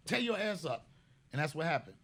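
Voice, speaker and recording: A man hosting a comedy podcast tells stories casually and with plenty of profanity, now and then breaking into loud, shouted bits. His voice sits a little high, and he's very animated and brisk.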